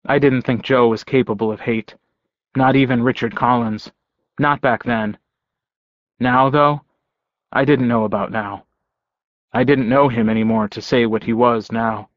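A man giving first-person audiobook narration in a measured, brooding way. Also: mid-range voice, steady tone, dry recording. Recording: slightly dull dry audio.

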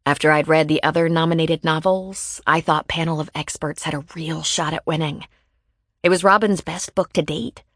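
Woman audiobook narrator, first-person, lower register, steady delivery, dry studio read. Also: moderate pace, no echo.

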